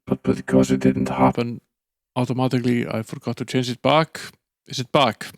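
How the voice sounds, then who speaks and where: A man's voice: medium pitch, big pitch swings, normal speed, no room sound. A man giving casual, wry commentary while playing a video game, with dry asides. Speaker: let's play host.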